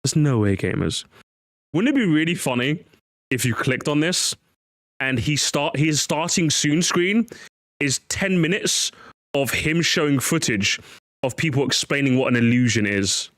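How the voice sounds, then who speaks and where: A man's voice: on the high side, unhurried, dry recording, studio quality. A man streaming live and reacting to clips, mocking them and laughing a lot. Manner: animated, mocking, laughs often.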